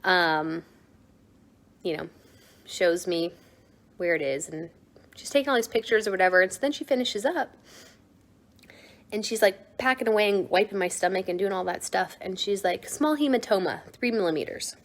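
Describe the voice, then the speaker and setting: A young American woman vlogging, retelling events in a chatty, animated way with lots of "like" fillers. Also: mid-range voice, moderate pace, pauses often. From United States. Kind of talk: casual storytelling.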